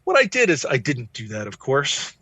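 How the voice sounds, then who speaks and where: A man in his sixties with an American accent, a psychiatrist guest telling a personal story in an animated, self-deprecating way. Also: mid-range voice, normal speed, husky, no room sound. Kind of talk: conversational storytelling.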